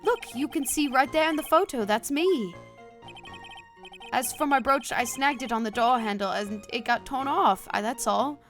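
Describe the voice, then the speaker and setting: A woman's voice: moderate pace, a bit bright, faint music behind. A woman voicing a nervous, eager young man who confesses to being a thief, stammering in a put-on British accent. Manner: high, stammering, overexcited. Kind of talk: game dialogue read aloud on a stream.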